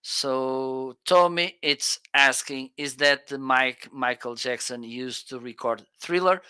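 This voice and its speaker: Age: adult. Sex: man. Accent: Portuguese. Style: unhurried, bright, smooth live product review. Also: medium pitch, dry recording. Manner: enthusiastic, frequent "okay?" check-ins. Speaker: livestream co-host. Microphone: close studio dynamic mic.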